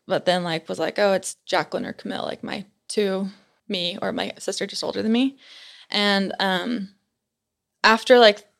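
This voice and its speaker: Young adult woman, casual storyteller, chatty, filler-heavy, animated, mid-range voice. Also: mid-range voice. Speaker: guest telling a story.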